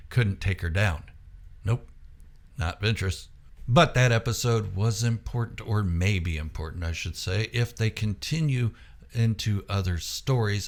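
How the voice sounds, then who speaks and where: A man with a low, gravelly voice gives a casual spoken review to his viewers. He rambles in a chatty way and catches his own slips with quick asides. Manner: chatty, self-correcting asides. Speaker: YouTube channel host.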